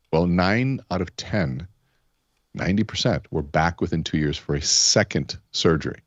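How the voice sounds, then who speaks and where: On a lo-fi recording with no room sound, this man speaks at a moderate pace in a low, animated voice. He's a keynote speaker appearing as a podcast guest, spinning stories through an interview, voicing quoted characters, and leaning on lots of fillers like "you know."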